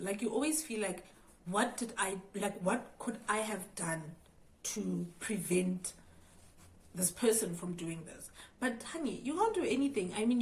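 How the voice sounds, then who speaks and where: A woman's voice: mid-range voice, poor audio. A young South African woman with a South African accent, telling her viewers a storytime vlog about being cheated on, acting out her own thoughts and speaking straight to the audience. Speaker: YouTuber.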